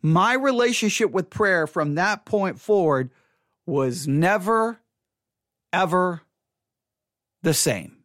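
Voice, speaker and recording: A man with a fairly high voice tells a personal testimony to an audience. He talks earnestly, repeats himself, and moves between hushed and emphatic passages. The sound is dry and close. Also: expressive, takes it slowly, pauses often, no room sound. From Texas. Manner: earnest, repetitive, swings between quiet and emphatic. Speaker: speaker addressing an audience.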